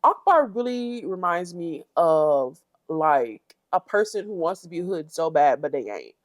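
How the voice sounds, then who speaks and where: A woman's voice: fairly low pitch, very animated, unhurried, dry recording. Sassy young woman recapping a show. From Fort Pierce, Florida. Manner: blunt, sassy, talks to the viewer directly. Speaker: reality TV recap vlogger. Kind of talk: casual commentary.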